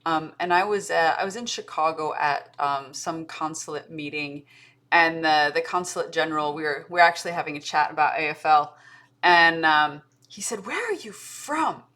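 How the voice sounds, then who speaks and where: Woman co-host with an American accent, slightly low voice, a rambling storyteller. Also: steady tone, moderate pace, sharp tone. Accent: American with a slight Australian tinge. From United States. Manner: rambling, self-interrupting storyteller with fillers. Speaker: podcast co-host. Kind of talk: casual chat.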